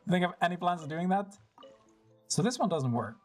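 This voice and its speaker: Lively, teasing young-adult game streamer. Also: mid-range voice, faint music behind. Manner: laughs often and swears casually; chatty, teasing and quick to react. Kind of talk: live gameplay chat, answering viewers.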